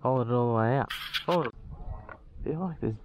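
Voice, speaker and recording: A young man, a fishing vlogger, chatting to his camera outdoors by the water, excitable and swearing as he mutters to himself. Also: medium pitch, brisk, noisy background. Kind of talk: casual running commentary to camera.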